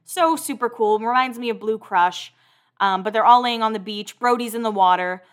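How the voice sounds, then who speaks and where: A woman's voice: on the high side, moderate pace. A woman hosting a casual recap of TV episodes, chatty and full of "like" fillers.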